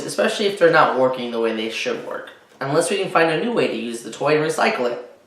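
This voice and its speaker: A man's voice: fairly high pitch, a bit bright. A man reading a picture book aloud to children, with chatty, teacherly asides. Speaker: children's story reader. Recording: roomy echo.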